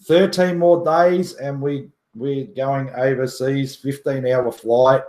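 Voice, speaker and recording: A man's voice: mid-range voice, fairly even intonation, slow, a little mellow, roomy sound. A man hosting a casual livestream who jokes, boasts, swears casually and laughs often. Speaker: livestream host.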